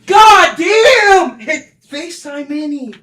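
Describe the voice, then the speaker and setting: High, bright young man gaming loudly. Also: takes it slowly. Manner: loud, excitable, swears a lot. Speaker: gamer. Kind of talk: excited gaming chat. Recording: echoey room.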